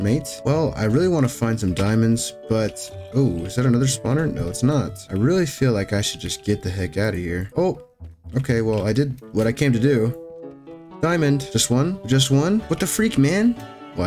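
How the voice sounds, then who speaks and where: A young man giving jokey, excitable commentary while playing a survival game, yelping at sudden scares. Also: lowish voice. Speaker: gaming YouTuber. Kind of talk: Minecraft commentary. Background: faint music.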